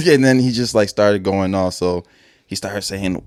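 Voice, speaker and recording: A man's voice: low voice, steady tone, normal speed, darkish tone, dry recording, studio quality. A man co-hosting a podcast, telling a rambling story in casual chat with frequent restarts and self-corrections. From Wisconsin. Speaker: podcast co-host.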